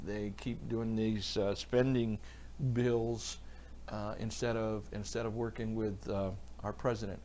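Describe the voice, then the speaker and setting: A man's voice: lowish voice, little pitch movement, measured pace, dark tone, slight background noise. A man, a pastor, giving a loose, rambling Bible talk on a livestream from his church while answering viewers in the chat by name. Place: church, alone.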